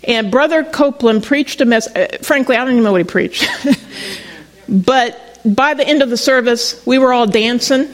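Middle-aged woman preacher, higher pitched, talking through a personal story in a loose, stop-start sermon style. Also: rough recording. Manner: conversational storytelling with frequent restarts. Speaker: pastor.

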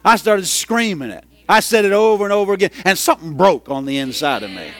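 A middle-aged man preaching a sermon, telling a story and rising into loud, excited hollering. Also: high voice, quick pace. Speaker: pastor.

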